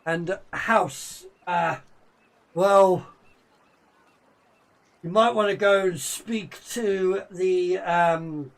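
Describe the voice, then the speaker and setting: Brief: male game master, slow and halting delivery, pitched a touch high. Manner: slow, halting descriptions with many fillers. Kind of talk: narrating a tabletop game.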